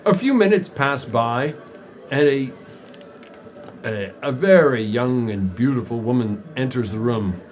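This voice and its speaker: A man narrating a tabletop role-playing game as game master, describing scenes calmly with pauses. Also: mid-range voice, slight background noise.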